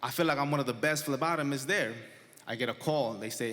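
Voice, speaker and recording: A man in his twenties telling a true story live on stage to an audience, conversational and animated, laughing between lines. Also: mid-range voice, fast. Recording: live stage recording with long hall reverb.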